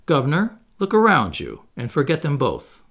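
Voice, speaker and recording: A man's voice: fairly high pitch, huge pitch swings, moderate pace, a bit bright, heavily acted. A man reading aloud, voicing a young noblewoman who speaks with earnest, pleading tenderness. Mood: tender.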